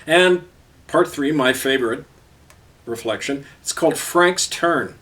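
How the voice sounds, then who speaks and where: A man's voice: on the high side, animated, measured pace, fairly bright tone, far from the mic. A middle-aged man reading his own column aloud with a sardonic, biting delivery.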